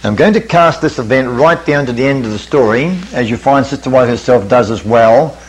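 An older male preacher taking a camp meeting through a parable, step by step. He talks in a measured, teacherly way, asks his listeners questions, and reads the old scripture wording with care. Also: medium pitch, a little hiss or hum, low-quality recording. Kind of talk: Bible study lecture.

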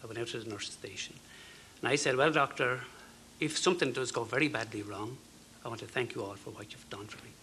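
An Irish man in his fifties, a talk show guest, telling a personal story in an earnest, halting way. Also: medium pitch, slight background noise. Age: 50s. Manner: earnest, halting, with fillers and soft dropped phrases.

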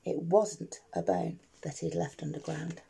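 A woman teacher reading a rhyming picture book aloud to children, expressive and playful, asking the listeners questions. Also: low-pitched, measured pace, gravelly, slightly rough.

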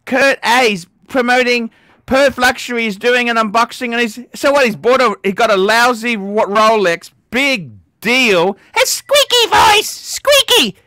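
A man hosting a livestream, ranting angrily with profanity and lots of repetition, shouting in bursts. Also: very high-pitched, normal speed, no echo, studio quality. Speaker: livestream host. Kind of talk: angry livestream rant.

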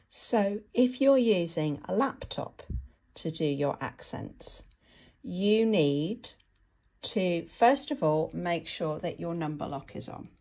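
A woman, teaching patiently and step by step in a screen-share tutorial. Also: lowish voice. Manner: patient, step-by-step, frequent "okay".

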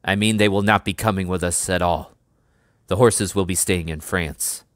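A man voicing a stiff, reluctant army major who speaks quietly but firmly, in a storybook reading. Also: low voice, fairly even intonation, normal speed, no echo, studio quality, close to an everyday voice.

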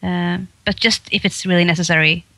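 A woman's voice: lowish voice, fairly quick, no echo. A woman from Sweden, a voice actress, chatting in an interview and laughing often. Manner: giggly, animated, laughs often. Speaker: guest voice actress. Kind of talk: casual interview chat.

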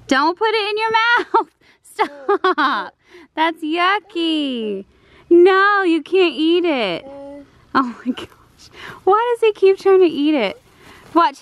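A woman's voice: high voice, fairly bright tone. A young woman filming her family at home, giggling often and cooing baby talk at her toddler son. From United States. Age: young adult. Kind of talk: home video chat with a toddler.

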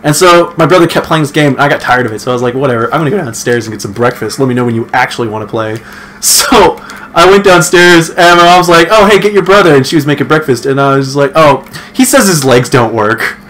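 A man's voice: on the high side, lively intonation, quick pace, fairly bright tone. A young man, a podcast co-host, telling a rambling childhood story in casual chat and acting out what family members said. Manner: rambling storyteller, acts out family quotes with laughs.

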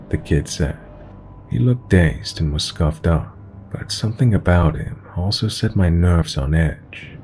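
A man narrating a scary story in a steady storytelling manner. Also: moderate pace, soft background music. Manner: low, steady storytelling with quoted dialogue. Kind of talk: scripted horror story narration.

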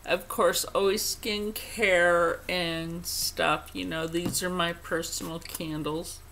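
Blunt, slow-talking woman vlogger. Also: fairly low pitch, steady tone, fairly bright tone, a little hiss or hum. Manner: blunt, opinionated, swears freely. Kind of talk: casual chat to camera.

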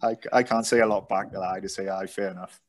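A man's voice: sits low, steady tone, fast. A man in his thirties, a podcast guest, chatting casually and often asking "do you know what I mean". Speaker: guest, charity founder. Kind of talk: casual chat.

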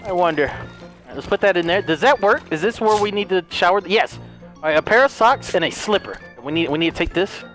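Brief: excitable male gamer, wildly swooping pitch, loud outbursts, game music underneath. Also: brisk. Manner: excitable, yelling and gasping, talks as the goose he plays. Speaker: let's play gamer. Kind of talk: gaming commentary.

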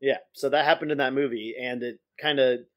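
A man's voice: mid-range voice, fairly even intonation, fairly quick, a bit bright. A man co-hosting a podcast, dropping wry comments and chuckles while recapping a cartoon episode. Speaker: podcast co-host. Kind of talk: casual episode recap chat.

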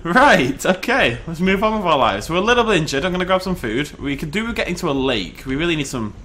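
Lively bright-voiced British gaming commentator. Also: male voice, fairly high pitch, quick pace, slight background noise. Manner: animated, shouts and laughs in bursts. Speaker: gameplay commentator. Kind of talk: excited let's-play commentary.

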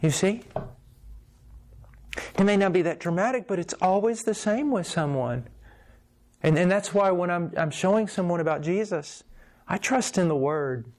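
A man preaching a sermon, telling a personal story with animated, passionate delivery that swells in intensity. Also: high voice, normal speed, long pauses.

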